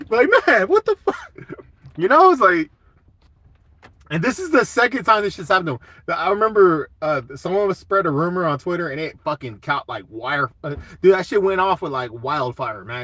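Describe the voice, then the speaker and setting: A man's voice: on the high side, sharp tone, no room sound. A young man hosting a casual live chat, laid-back and swearing a lot while answering comments.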